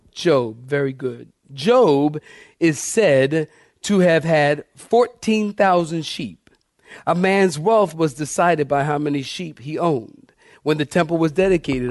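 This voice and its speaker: A man's voice: fairly high pitch, darkish tone, no echo, studio quality. A man preaching an expository sermon, reading scripture aloud and calling his congregation saints, with emphatic shifts in pace and volume. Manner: preacher addressing congregation as saints, asking them to follow along. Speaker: pastor.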